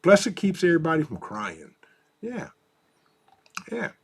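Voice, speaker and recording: A man's voice: fairly high pitch, wildly swooping pitch, unhurried, creaky, slightly rough. Laid-back man hosting a live stream. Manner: easygoing, laughs often, talks softly to his dog. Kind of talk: casual live stream chat reading comments.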